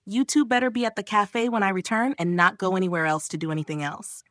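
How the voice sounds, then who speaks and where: A woman voicing a hot-tempered younger sister who scolds loudly. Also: mid-range voice, fairly even intonation, quick pace, dry recording, studio quality, natural voice. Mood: scolding. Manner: loud, snapping, scolding.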